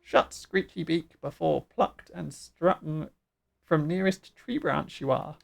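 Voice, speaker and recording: A woman's voice: sits low, slow, gravelly, faint music behind, pitched below the performer's own voice, heavily acted. A woman voicing fierce, proud bird-folk warriors who speak in clipped, scrambled word order while she reads game dialogue aloud. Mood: bargaining. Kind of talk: game dialogue voiced live.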